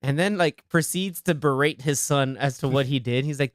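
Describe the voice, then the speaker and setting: A man's voice: medium pitch, normal speed, few pauses, no room sound. A man hosting a casual movie podcast, talking with animation and acting out scenes in quoted voices on a studio mic. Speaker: podcast host.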